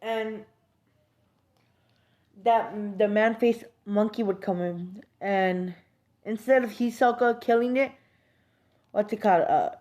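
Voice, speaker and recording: Slow, hesitant woman making up a story. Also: medium pitch, warm tone. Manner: hesitant, many fillers and restarts. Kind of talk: improvised fan-fiction storytelling.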